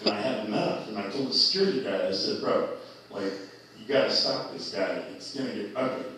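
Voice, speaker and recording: A man's voice: lowish voice, fairly quick, fairly bright tone, slight background noise. A man telling a rowdy personal story in casual chat, loose and profane, often laughing as he talks. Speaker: storyteller guest. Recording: very echoey, distant mic.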